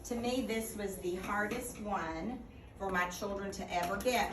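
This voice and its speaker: A woman teaching a phonics lesson, patiently asking questions and repeating the answers back. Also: mid-range voice. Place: classroom. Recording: echoey classroom from a distant mic with noise.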